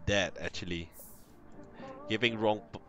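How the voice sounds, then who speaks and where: A man's voice: lowish voice, unhurried, lo-fi sound. A man hosting a let's play, chatting playfully through casual gameplay commentary and talking to his game characters.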